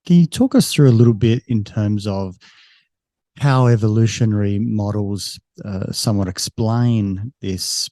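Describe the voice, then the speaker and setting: A man's voice: on the low side, measured pace, mellow, dry recording. A man hosting a podcast interview, asking long, rambling questions with repeated words. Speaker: podcast host.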